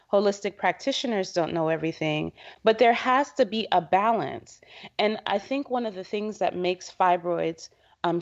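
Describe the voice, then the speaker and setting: A middle-aged woman speaking as a podcast guest who leads a women's health organization, earnest and conversational, acting out quotes as she talks. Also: mid-range voice. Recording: slightly dull, muffled podcast audio.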